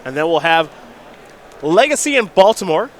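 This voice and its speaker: A man doing casual, chatty commentary banter at a live card game event, quick to laugh. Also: on the high side, sing-song, a little hiss or hum.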